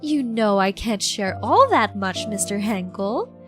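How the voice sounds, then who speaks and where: A woman's voice: mid-range voice, big pitch swings, measured pace. Woman voicing a dry young woman scholar. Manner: dry, reserved, slyly teasing. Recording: background music playing.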